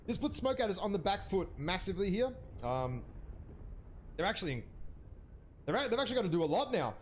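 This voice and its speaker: A young man with a high-pitched voice casts an online game league match live. He rambles and thinks aloud as he reads the teams, and his voice climbs when a pick surprises him. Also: big pitch swings, a little fast, slight background noise. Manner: voice jumps higher when surprised. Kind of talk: live esports commentary.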